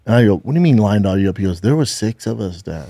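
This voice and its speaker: A man in his forties co-hosting a casual podcast chat, telling a story in animated bursts and acting out the people in it with plenty of swearing. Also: fairly low pitch, rapid-fire, no echo, clean studio sound. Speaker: podcast co-host.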